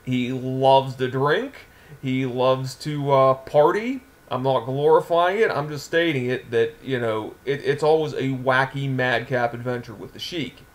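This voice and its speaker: A man casually telling an anecdote in an animated way, laughing often. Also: mid-range voice, a little slow. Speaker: storyteller.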